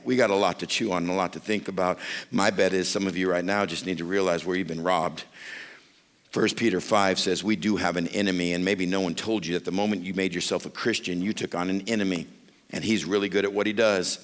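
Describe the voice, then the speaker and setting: Animated preacher man. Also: low voice, fairly quick. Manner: animated storytelling preacher, acts out voices. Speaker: pastor. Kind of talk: sermon at a men's retreat.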